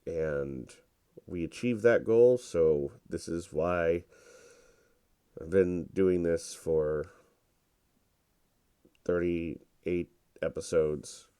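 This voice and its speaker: Slow, deep-voiced congested man commentating. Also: smooth, dry recording, studio quality. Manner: relaxed, rambling and self-deprecating. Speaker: gameplay commentator. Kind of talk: casual gameplay commentary.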